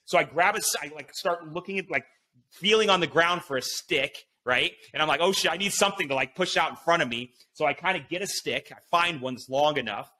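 A man guest on a podcast, telling an animated story full of swearing and fillers, acting out his own inner voice. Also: fairly high pitch, brisk, slight background noise. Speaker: podcast guest, BASE jumper.

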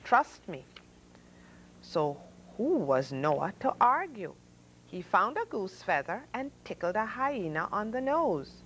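A woman hosting a story hour, reading children's picture books aloud with expressive sound effects and voices for the animals. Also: mid-range voice, rough recording. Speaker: storyteller host.

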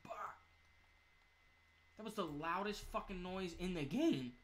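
A man giving rambling, profane commentary while he plays a zombie game. He jumps between mumbling and loud outbursts. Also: sits high, expressive, measured pace. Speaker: gamer. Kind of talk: gameplay commentary.

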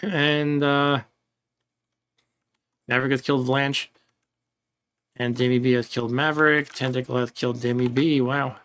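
A man's voice: mid-range voice, flat delivery, normal speed, long pauses, a bit bright, slight background noise. A man casually commenting on his own game playthrough, rambling along, chuckling now and then and reading game text aloud. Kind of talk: casual let's-play commentary.

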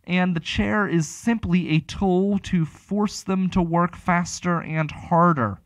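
A man's voice: high-pitched, slow, no room sound. A man hosting a casual talk show, rambling and chatty, with many restarts. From Pittsburgh area. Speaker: radio talk show host.

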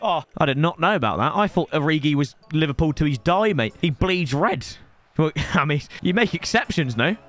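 Young male gaming commentator, high voice, rowdy banter. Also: normal speed. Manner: excitable, joking banter with bursts of yelling. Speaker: gaming YouTuber. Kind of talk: live gameplay commentary.

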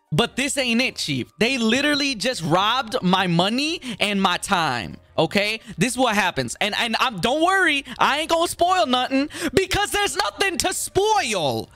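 A video creator in a comedic rant vlog, talking with exaggerated indignation. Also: male voice, very high voice, sharp tone, no echo.

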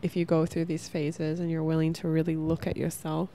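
A woman's voice: low-pitched, monotone, a little fast, mellow, a little hiss or hum. A young woman hosting a casual spiritual podcast, talking in a rambling, heartfelt way and saying "like" a lot. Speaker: podcast host.

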